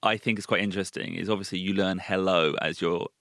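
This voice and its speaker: A man's voice: sits low, fairly even intonation, fast talker, vocal fry, fairly bright tone, no echo, studio quality. A man from London with a London accent, co-hosting a podcast in a joking, teasing casual chat. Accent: London English. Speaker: podcast co-host.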